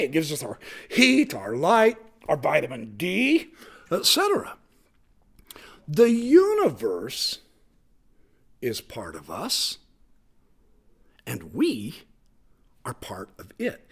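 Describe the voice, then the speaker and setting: A man giving a sermon with enthusiastic, animated delivery and jokey asides. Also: high voice, vocal fry. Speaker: speaker at a Unitarian service.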